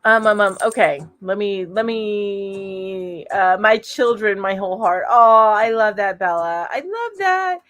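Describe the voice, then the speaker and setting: A woman's voice: medium pitch, unhurried, fairly bright tone. A woman hosting a casual crochet live stream, reading viewer comments aloud and chatting in a gushing way with lots of fillers. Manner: gushing and chatty, coos over her pet, many fillers. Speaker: host of a weekly crochet live chat.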